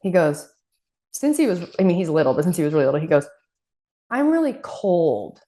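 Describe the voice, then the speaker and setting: Low-voiced woman co-hosting a chat podcast. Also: rapid-fire. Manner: animated storytelling, acting out quoted voices and laughing. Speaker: podcast co-host. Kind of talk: casual chat.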